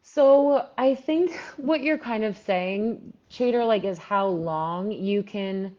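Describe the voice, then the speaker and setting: Her voice is medium in pitch and dark in tone, and she takes things slowly. She's a Philadelphia writing coach fielding viewer questions in a livestream Q&A, chatty and filler-heavy, with dull lo-fi audio.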